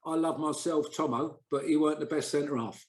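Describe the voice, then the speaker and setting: A man's voice: a little high, fairly quick. A man, a former footballer, telling anecdotes in casual podcast chat and acting out the people he quotes. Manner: chatty anecdotal storyteller, acts out quoted voices. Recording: roomy echo.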